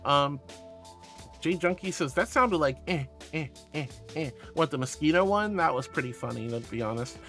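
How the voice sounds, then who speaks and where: A man's voice: a little high, lively intonation, moderate pace, a bit bright, soft background music. A man streaming casually, playfully and affectionately reading chat aloud.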